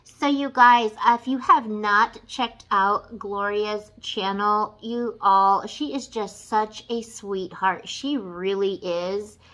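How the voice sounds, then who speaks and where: A woman, chatting excitedly through a makeup tutorial and gushing over the colors. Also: medium pitch, takes it slowly, few pauses, poor audio. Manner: gushing, excitable, says "you guys" and "y'all". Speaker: beauty vlogger. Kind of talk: casual makeup tutorial chat.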